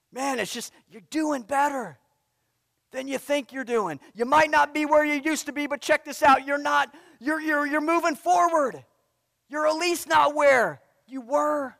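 A male pastor preaches with a strikingly high voice and leans hard on a repeated refrain. His words ring out into the long reverb of a large church sanctuary. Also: a little slow, gravelly, fairly bright tone, studio quality. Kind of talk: sermon.

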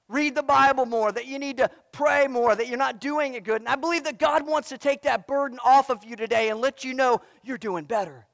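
A male pastor preaches with a strikingly high voice and leans hard on a repeated refrain. His words ring out into the long reverb of a large church sanctuary. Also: creaky, a bit bright, clean studio sound. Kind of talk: sermon.

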